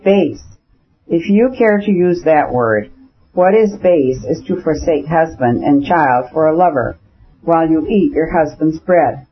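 A man's voice: measured pace, lightly acted. A man voicing a contemptuous middle-aged aristocratic husband, cold and clipped, on a dull lo-fi recording. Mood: cold anger. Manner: cold, contemptuous, shrill when angry.

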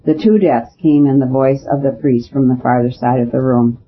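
A man narrating a storybook as an audiobook reader, reading in a measured, steady way. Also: medium pitch. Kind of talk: scripted narration. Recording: dull lo-fi with faint hiss.

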